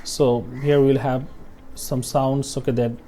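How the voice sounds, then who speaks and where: Man, pronunciation teacher, warm and mellow tone, repeats example words, keeps asking "okay?". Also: mid-range voice, flat delivery, a little slow, slight background noise. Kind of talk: screen-share lesson walkthrough.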